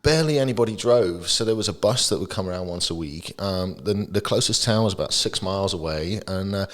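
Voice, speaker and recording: Late-30s English man, Texan-tinged accent, low voice, relaxed and humorous podcast guest. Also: brisk. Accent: English accent with Texan influence. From England. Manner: lively, jokey storyteller. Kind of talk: casual podcast chat.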